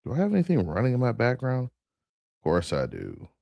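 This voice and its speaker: A man's voice: medium pitch, wildly swooping pitch, fairly quick, gravelly, no room sound, lo-fi sound. A man hosting a crypto show, chatting casually and rambling as he clicks through screens. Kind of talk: casual livestream commentary.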